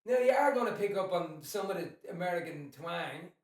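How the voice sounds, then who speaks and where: A man's voice: sits high, lively intonation, a little fast, crowd noise. A middle-aged Irish man chatting casually as a podcast co-host, swearing freely and leaning on "you know what I mean". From Ireland. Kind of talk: casual chat. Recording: echoey room, distant from mic.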